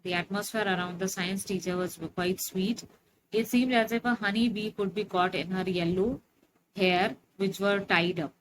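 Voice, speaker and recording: A woman teacher, reading a story aloud and explaining it in a slow, explanatory way with many fillers. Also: medium pitch, steady tone, slight background noise, poor audio. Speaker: English teacher.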